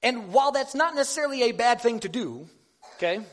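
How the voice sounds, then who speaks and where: A man's voice: very high voice, expressive, fairly quick, a bit bright. A man giving a sermon in a conversational, self-deprecating way, often restarting his sentences. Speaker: preacher.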